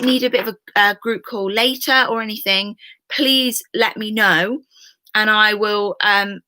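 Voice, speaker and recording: A young woman teaching history in a recorded remote lesson, talking to her pupils in a warm, reassuring, chatty way with fillers. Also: fairly high pitch.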